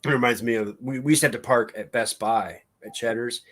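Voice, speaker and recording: A man's voice: medium pitch, fairly even intonation, fairly quick, fairly bright tone. A man co-hosting a casual live-stream chat, telling long stories with lots of fillers and restarts. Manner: rambling storyteller with many fillers and restarts. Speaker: co-host.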